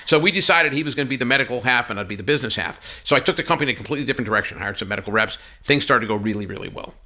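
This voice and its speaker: A man telling a personal story as a podcast guest, animated and acting out each line of dialogue. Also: lowish voice, very fast. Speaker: podcast guest, company CEO. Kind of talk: conversational storytelling interview.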